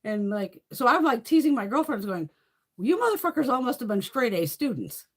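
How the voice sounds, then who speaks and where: A woman's voice: fairly high pitch, very animated, brisk, breathy edge. A woman beauty creator chatting casually on a live stream, rambling and swearing freely while answering viewers' comments.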